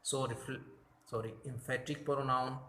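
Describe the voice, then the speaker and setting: Slow, deliberate male grammar teacher. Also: medium pitch, little pitch movement, pushed and bright, reverberant. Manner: slow and deliberate, corrects his own slips. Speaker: English teacher. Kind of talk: grammar lesson explaining slides.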